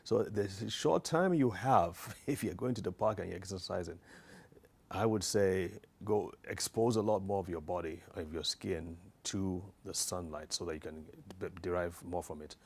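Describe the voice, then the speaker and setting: A man's voice: low voice, normal speed, darkish tone, breathy edge. A man giving an informal educational health talk, earnest and hesitant with frequent restarts and fillers.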